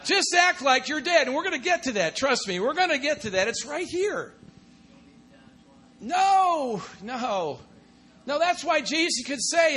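High, bright-voiced man preaching a sermon. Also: sing-song, a little slow. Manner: exclamatory, with frequent "come on" and "glory to God"; swings between loud bursts and hushed asides.

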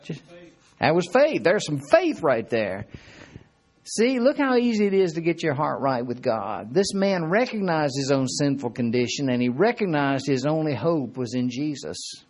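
A man's voice: on the high side, sing-song, moderate pace. A man preaching a sermon in a folksy, conversational way, his voice rising and dropping dramatically as he reads and retells scripture.

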